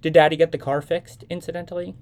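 Shrill, worried middle-aged mother who keeps pressing the same questions, as a man reads her with a raised voice. She pushes louder and higher than the narration around her, never letting a question drop. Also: little pitch movement, fast talker, close to an everyday voice. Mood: anxious. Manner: insistent, repeating questions. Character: fretful, nagging middle-aged mother on the phone.

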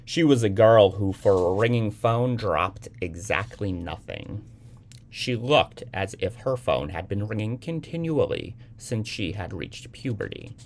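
Gravelly low-voiced man reading a story. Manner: measured, expressive storytelling. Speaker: narrator.

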